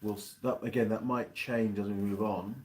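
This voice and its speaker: A man's voice: lowish voice, little pitch movement, normal speed, a little mellow. A man hosting a casual live stream, reviewing a pie and chatting in a rambling way while he eats. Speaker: channel host reviewing pies on a live stream.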